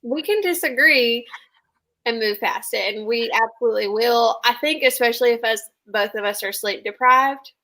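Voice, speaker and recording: Young woman co-host, casual recap chatter, bright and somewhat high voice. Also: rough recording. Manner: chatty, quick, says like a lot.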